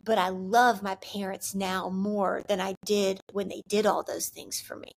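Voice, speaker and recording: A woman's voice: medium pitch, flat delivery, a little slow, gravelly. Earnest young woman sharing her faith. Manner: earnest, candid, filler-heavy with frequent "like". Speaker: Christian vlogger. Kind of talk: heartfelt faith talk to camera.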